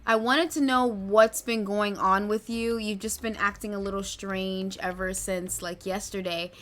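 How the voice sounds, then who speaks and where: A woman's voice: mid-range voice, fairly even intonation, measured pace, fairly bright tone, natural voice. Woman voicing a chatty caring teen girl. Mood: concerned. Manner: chatty, concerned. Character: caring teen girl sim checking on her sister.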